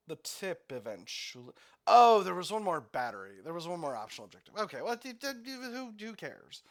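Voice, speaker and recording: A man's voice: sits high, very animated, a little fast, a bit bright. Chatty man thinking aloud over a game. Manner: thinks aloud, laughs easily, stumbles over words. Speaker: let's play host. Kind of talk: casual gameplay commentary.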